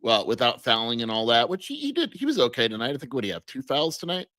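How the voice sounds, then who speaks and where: A man's voice: medium pitch, big pitch swings, quick pace, fairly bright tone, no echo. A man co-hosting a podcast, breaking down a basketball game in casual, analytical chat. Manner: conversational, analytical. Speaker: podcast co-host.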